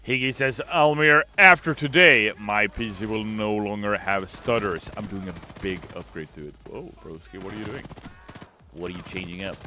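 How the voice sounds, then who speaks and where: A man hosting a casual livestream, with a low voice and a bright, forceful delivery. He reads viewer messages out loud, playful and chatty, and adds quick joking asides. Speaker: game community streamer.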